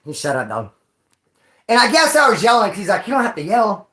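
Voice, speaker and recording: Profane, animated man in an echoey room. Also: sits high, brisk, slight background noise. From Bakersfield, California. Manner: profane, animated street slang, bursts of yelling. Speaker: vlogger. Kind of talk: casual storytelling to a live chat.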